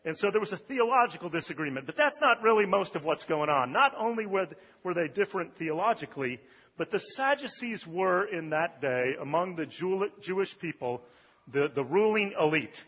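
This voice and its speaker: A male pastor delivers a sermon in a loose, conversational way, pausing on "um" and "uh" between points. His voice sits a little high and has a husky edge. The recording is dull and lo-fi, with the long reverb of a large church hall. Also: expressive. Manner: conversational preaching with fillers.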